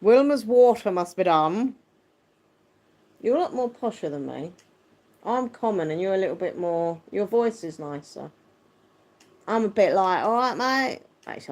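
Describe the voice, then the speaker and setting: A woman with a lowish voice hosts a relaxed livestream, reading out viewer comments as she goes. Her tone is squeaky yet deep, and she chats easily and laughs often. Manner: chatty, warm-hearted, quick to laugh. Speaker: livestream host. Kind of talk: casual live chat, reading viewer comments.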